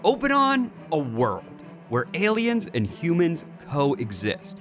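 A man hosting a podcast, reading a lively scripted intro and then joking casually with his guest. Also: fairly high pitch, slow, music in the background. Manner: lively, jokey, self-mocking. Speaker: podcast host.

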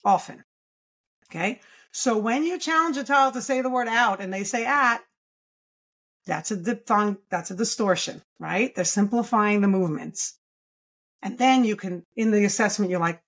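A woman's voice: mid-range voice, moderate pace. Woman speech therapist explaining sound errors. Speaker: pediatric speech-language pathologist. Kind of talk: podcast interview, explaining to parents.

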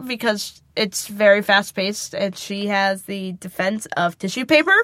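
Wry woman cohost, deadpan jokes n cussing, mid voice, no room echo at all. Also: medium pitch, unhurried. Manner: sarcastic, swears, deadpan asides. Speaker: podcast co-host. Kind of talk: casual chat. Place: small closet at home.

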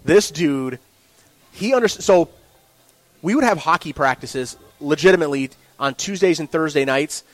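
A man's voice: a little high, moderate pace, no room sound, poor audio. Chatty man. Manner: rambling, animated storytelling with restarts. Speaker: sports director guest. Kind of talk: casual podcast interview. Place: restaurant.

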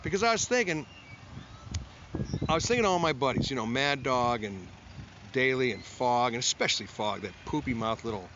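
A man's voice: mid-range voice, expressive, fairly quick. A man, a musician, telling a casual, rambling studio anecdote and acting out the people in it. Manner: rambling, self-mocking storyteller who acts out quotes. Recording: dull lo-fi sound with faint noise.

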